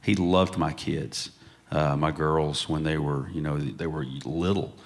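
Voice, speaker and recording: A man telling lively stories as a panel guest on a museum stage, often laughing as he gets to the punchline. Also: a bass voice, measured pace. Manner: storytelling, laughs through punchlines. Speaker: panel guest, country singer. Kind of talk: animated anecdote telling.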